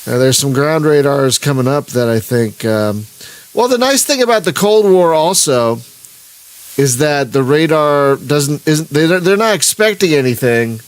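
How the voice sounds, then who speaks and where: This gaming channel host talks over his live-streamed play in a slightly high, animated voice without hurrying. He rambles, breaks off his own sentences to start again, and laughs softly throughout.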